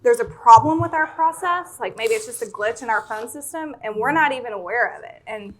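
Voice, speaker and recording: A woman speaking as a guest on a live panel, clear and explanatory. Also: on the high side, expressive, a little fast, a little hiss or hum, poor audio. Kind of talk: casual panel talk.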